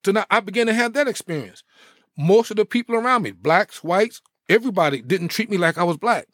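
A middle-aged man, a former pro athlete, telling his life story in a podcast interview with animated, preacher-like energy. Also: high voice, fairly quick, no echo, clean studio sound. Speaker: guest, former pro football player.

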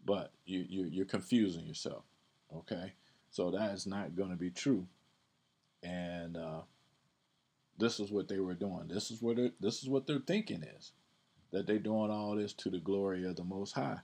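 Low, husky-voiced male podcast host; relaxed Bible teaching, repeats himself, stresses verses he reads. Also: normal speed. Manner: conversational, repeats words, reads verses aloud with emphasis. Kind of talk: casual scripture teaching.

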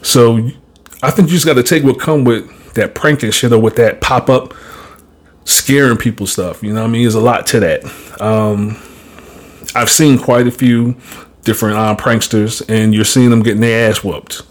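A man holds forth on a podcast in a loose, conversational way. He is blunt and swears freely. He tells his story with animated energy and stays at a mid pitch. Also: normal speed. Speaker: podcast host. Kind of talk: casual podcast storytelling and commentary.

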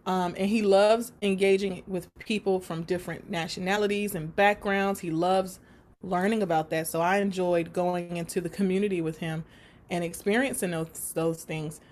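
Her voice lower and her pace moderate, this woman, a support worker for people with autism appearing as a guest, shares an unscripted work story in a chatty, animated way. She laughs a lot and takes on the voices of the people she describes.

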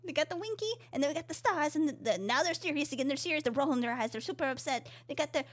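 A woman's voice: sits high, animated, quick pace. A woman co-hosting a casual podcast, reading listener emails aloud in a giggly, rambling way and stumbling over her words. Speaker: podcast co-host.

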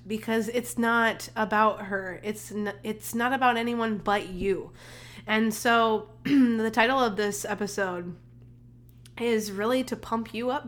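This podcast host, a young adult woman who works as a holistic nutritionist, has a fairly high, somewhat bright voice and sounds a little congested. Her pep talk is casual, upbeat and encouraging, chatty with plenty of fillers and restarts.

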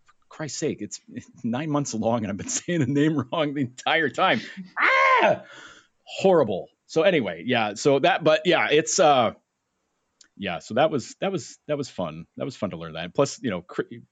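A young man co-hosting a sports podcast, telling a story in a casual, animated way and acting out the voices in it. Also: medium pitch, moderate pace, no echo. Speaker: podcast co-host. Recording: dull lo-fi sound, dry.

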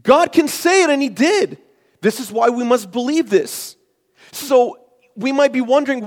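A male pastor preaching a sermon in a church, emphatic and full of rhetorical questions, swinging from loud to hushed. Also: very high-pitched, sing-song, normal speed. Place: church sanctuary. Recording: long hall reverb.

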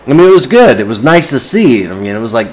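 A man's voice: mid-range voice, very animated, fast, a little hiss or hum, rough recording. A man ranting casually to camera, agitated and swearing constantly.

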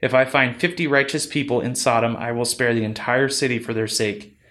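A man reading the part of the Lord in a calm, measured voice. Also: medium pitch, natural voice. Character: the Lord, calm divine male voice.

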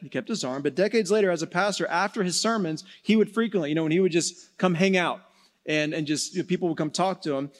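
An earnest male pastor delivers a sermon in a slightly high voice. He slows down and sinks soft for emphasis, then climbs back up with energy.

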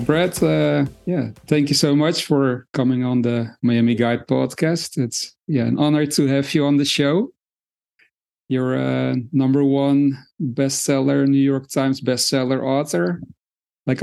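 A man's voice: mid-range voice, fairly even intonation, a little slow, gravelly, a little mellow, soft background music. A man hosting a podcast, asking questions with a hesitant manner and many fillers. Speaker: podcast host. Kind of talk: interview questions.

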